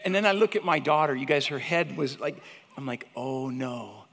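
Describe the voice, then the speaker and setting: A man in his fifties with a fairly high voice gives an animated chapel talk, telling stories and calling out "you guys" to the room. His voice carries a long reverb tail from the large hall. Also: a little fast. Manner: animated, chatty, addresses listeners as "you guys". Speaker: teacher giving a chapel talk. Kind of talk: storytelling sermon.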